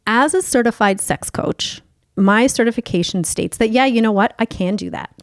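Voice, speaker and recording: With a voice on the high side at normal speed, a woman hosts a podcast as a sex coach. The sound is clean studio audio with no room sound, and her candid chat is bubbly, playful and openly profane.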